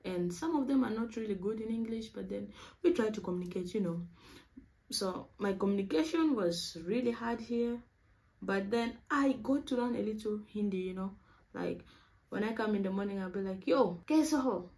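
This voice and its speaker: A young woman from Africa, a university student, chatting quickly and casually to camera, saying "y'all". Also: mid-range voice, a little mellow, rough recording. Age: young adult.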